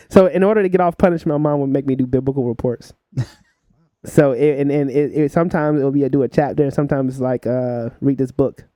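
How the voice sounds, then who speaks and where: A young man telling stories as a podcast guest in a relaxed chat, laughing often and filling pauses with "uh" and "like". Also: medium pitch, dry recording. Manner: laughs while telling stories, many fillers. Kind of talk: casual storytelling chat.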